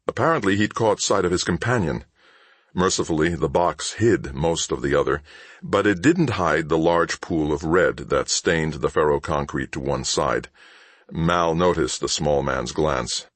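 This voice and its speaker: Very deep-voiced male audiobook narrator. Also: no room sound.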